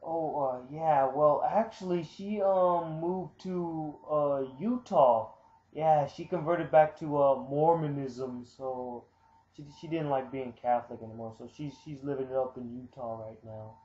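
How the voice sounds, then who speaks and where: A man's voice: fairly high pitch, steady tone, dark tone, close to an everyday voice. Rich: A flustered husband stumbling over his words , as a man plays him, with fillers and restarts as he makes up a lie on the spot. The room echoes and the sound is dull and lo-fi. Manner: stammering, halting, full of fillers. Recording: roomy, muffled lo-fi recording.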